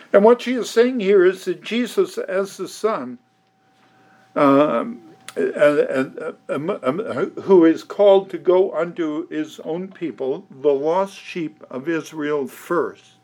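A man preaching an expository sermon, slow and deliberate, with emphatic stresses and occasional restarts. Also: high-pitched, a little mellow.

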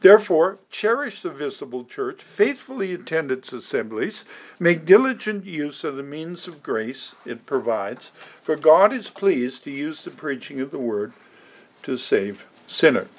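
A pastor preaching a sermon to his congregation, deliberate and emphatic, with the odd dry aside. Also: on the high side, sing-song.

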